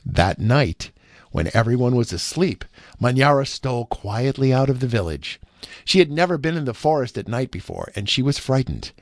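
Expressive man reading a storybook. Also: mid-range voice, normal speed, no echo, studio quality.

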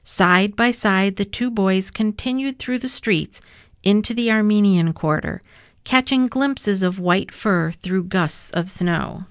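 Woman gently reading a children's story. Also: medium pitch, slow, clear, resonant tone, dry recording, studio quality. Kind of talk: reading a children's picture book aloud.

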